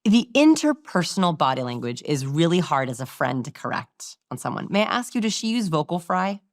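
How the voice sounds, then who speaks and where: A woman guest explaining body language in an interview, animated and sometimes acting out how others talk. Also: low voice, fairly quick, no room sound, clean studio sound. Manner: animated, demonstrates voices while explaining.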